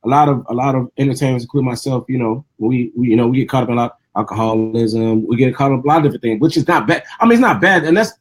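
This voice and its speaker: Rambling fast-talking husky host. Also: male voice, mid-range voice. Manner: rambling, full of restarts and "you know what I'm saying". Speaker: radio host and DJ. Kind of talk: interview questions.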